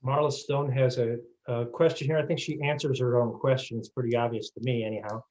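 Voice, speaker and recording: A man's voice: mid-range voice, fairly even intonation, a little fast, darkish tone, muffled recording. A man hosting a video call, reading listeners' questions aloud to a guest. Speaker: host reading audience questions.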